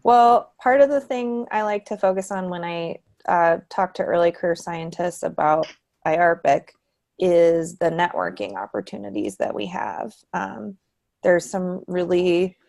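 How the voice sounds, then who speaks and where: A woman's voice: fairly low pitch, fairly even intonation, creaky, darkish tone. A woman leading casual introductions on a video call, chatty and easygoing. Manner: friendly and chatty, quick to laugh. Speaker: meeting facilitator.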